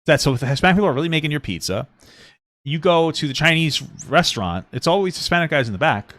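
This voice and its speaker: A man's voice: on the high side, fast talker, dry recording. A man co-hosting a podcast, chatting casually and sarcastically while reacting to a clip. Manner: animated, sarcastic, joking. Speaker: podcast co-host.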